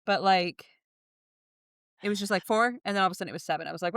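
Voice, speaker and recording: A woman's voice: mid-range voice, fast, fairly bright tone, no echo, clean studio sound. A woman co-hosting a podcast in casual chat, blunt and sarcastic, swearing freely. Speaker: podcast co-host.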